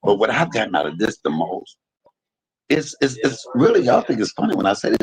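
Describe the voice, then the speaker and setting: A man live-streaming from a hospital emergency room bed, talking in an animated, preachy way and repeating himself as he speaks to his viewers. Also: lowish voice, fairly quick, poor audio. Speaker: livestream host. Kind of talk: casual live stream talk.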